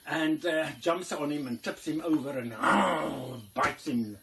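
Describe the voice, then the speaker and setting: A man who works as a tour guide telling a comic story, animated, dropping to hushed tones for suspense. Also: fairly high pitch, measured pace, vocal fry, slight background noise.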